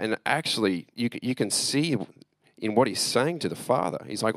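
A pastor giving a sermon in an earnest, conversational way, reading scripture and then explaining it with asides. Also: male voice, mid-range voice, animated, moderate pace, creaky, fairly bright tone, no room sound.

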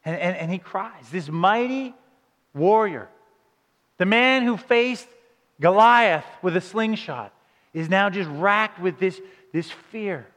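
A man preaching a sermon with dramatic delivery, dropping to hushed low passages and rising into emphatic questions. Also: expressive, slow. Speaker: pastor. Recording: long hall reverb.

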